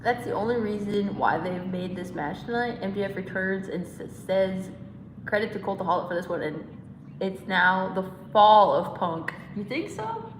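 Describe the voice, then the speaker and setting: A woman's voice: medium pitch, lively intonation, normal speed, reverberant, in a large hall, a little hiss or hum, low-quality recording. A woman hosting a casual live stream, rambling, giggling and reading chat comments aloud. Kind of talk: casual watch-along chat.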